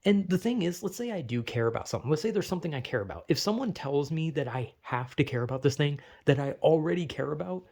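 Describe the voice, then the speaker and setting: A man's voice: fairly high pitch, expressive, fast talker, creaky, hardly any pauses, a little mellow. A man ranting casually to camera, blunt and full of swearing, laughing at his own jokes. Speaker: vlogger. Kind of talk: profane casual rant.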